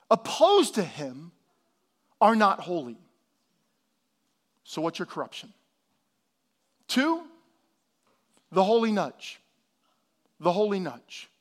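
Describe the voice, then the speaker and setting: Pastor, male, high voice, dynamic sermon delivery that swings from hushed to loud. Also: very animated, slow pace, long pauses. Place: church hall.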